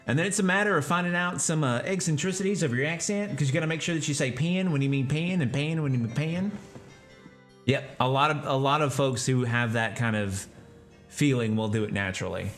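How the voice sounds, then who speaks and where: A man's voice: mid-range voice, a little fast, faint music behind. A man from Texas, a streamer and voice actor, chatting casually about voice acting and answering his viewers in a rambling way. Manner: rambling, explains while talking to chat.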